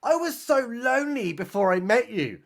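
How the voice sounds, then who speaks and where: A man's voice: very high-pitched, sing-song, moderate pace, voice pushed up, exaggerated voice. A man voicing an earnest, nerdy young man from a bad movie, stiff and sincere.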